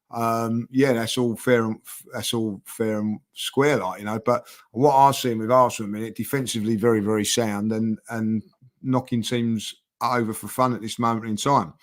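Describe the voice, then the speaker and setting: A man hosting a casual football podcast, speaking haltingly and filling his talk with repeated words and "you know". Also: lowish voice. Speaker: channel host.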